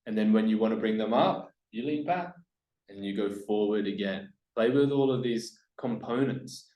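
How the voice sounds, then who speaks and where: A man's voice: on the low side, normal speed, dark tone. Emphatic male business coach, echoey room. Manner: emphatic, demonstrates upward and downward inflection, drops voice on key points. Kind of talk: coaching presentation to camera.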